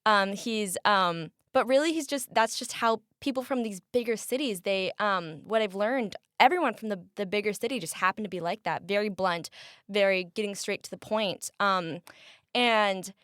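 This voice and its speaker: A young woman from the Midwest talks through her story as an interview guest, filling her sentences with ums and easy laughter. Her voice is smooth and clear. The recording is close and dry. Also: medium pitch, moderate pace, a bit bright, no room sound. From American Midwest. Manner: chatty, laughing, many fillers. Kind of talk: casual interview.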